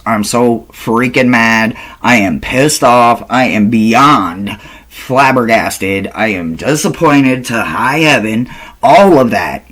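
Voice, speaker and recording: A man talks in a relaxed vlog, taking his time over every phrase with an unhurried pace. He laughs often and swears without a second thought, animated and playful. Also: mid-range voice. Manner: slow, drawn-out delivery. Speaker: tarot reader. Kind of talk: casual vlog chat.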